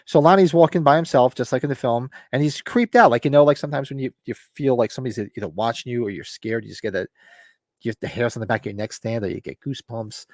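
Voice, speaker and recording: A man's voice: mid-range voice, fast talker, darkish tone, no room sound, studio quality. A man hosting a casual book club show, loosely retelling chapters with fillers and restarts, now and then acting out lines. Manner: rambling, loose retelling with fillers and acted quotes. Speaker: podcast host.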